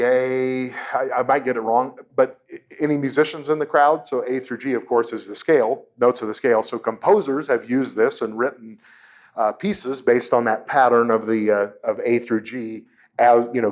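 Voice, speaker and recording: A man, a propulsion engineer, giving a humorous public lecture to an audience in a lecture room, telling anecdotes and quizzing the crowd. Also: medium pitch. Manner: storytelling, self-deprecating jokes, quizzes the audience.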